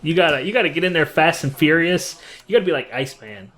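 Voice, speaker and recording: A man's voice: on the high side, lively intonation, fast talker, a bit bright. A man co-commentating a card game from outdoors, joking with dry asides.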